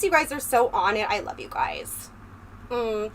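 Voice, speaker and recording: Her voice is expressive, a bit bright, and a little slow as she chats ramblingly with viewers on her livestream. She addresses the chat directly through a close desk microphone, and a low fan hum sits in the background.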